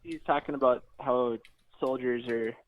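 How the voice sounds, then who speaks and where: A man talking as a guest in a casual, relaxed, somewhat hesitant way. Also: mid-range voice, moderate pace. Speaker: guest, former employee. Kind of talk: casual conversation. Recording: tinny phone-like call audio.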